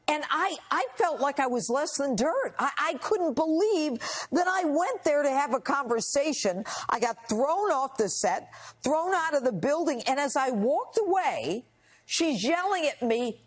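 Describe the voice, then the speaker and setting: A woman in her sixties, a guest on a cable news interview, telling her story in an indignant, animated way. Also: sits high, unhurried.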